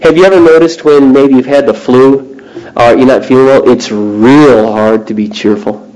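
A man's voice: mid-range voice, normal speed, rough recording. A man preaching a sermon to a live group of young adults, telling a story and throwing questions to the audience. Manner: animated storyteller who asks the audience questions.

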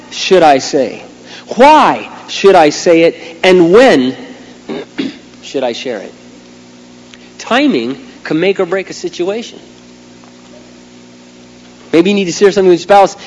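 A middle-aged man preaching a sermon as a pastor, swinging from quiet asides to loud, emphatic outbursts. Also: high-pitched. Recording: long hall reverb, faint hum.

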